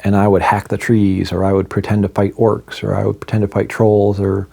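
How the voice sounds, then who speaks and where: A man's voice: fairly low pitch, completely flat delivery, a little fast, vocal fry, dark tone. A man telling a personal story in a casual vlog, with wry, self-deprecating humor.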